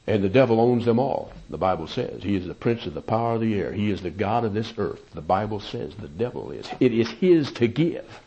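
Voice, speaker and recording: A man preaching a sermon, emphatic, with loud peaks and quiet asides. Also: lowish voice, animated, a little fast, hardly any pauses, dull audio, slight background noise.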